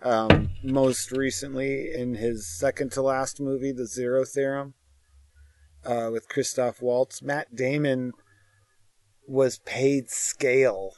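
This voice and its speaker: Man, smooth clear voice, dry close sound, casual swearing chat, laughs often. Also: mid-range voice, flat delivery, takes it slowly, darkish tone, no echo. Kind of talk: casual chat about movies.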